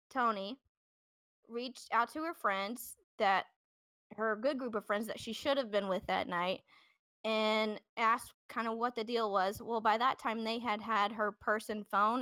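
A woman's voice: fairly high pitch, pushed and bright, clean tone, no echo, clean studio sound. A woman hosting a podcast, telling a true-crime story in a loose, chatty way with plenty of fillers and restarts. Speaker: podcast host. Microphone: podcast microphone.

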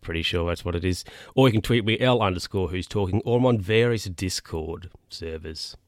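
A man's voice: low-pitched, normal speed, dry recording, studio quality. A man hosting his own podcast, chatting casually on his own and wandering off into asides with plenty of restarts. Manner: rambling, with frequent restarts and asides. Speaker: podcast host. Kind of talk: casual solo podcast chat.

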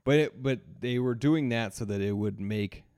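A man's voice: medium pitch, normal speed, darkish tone, smooth, dry recording, studio quality. A man co-hosting a podcast, telling a story in casual chat, rambling with restarts and frequent laughter. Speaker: podcast co-host.

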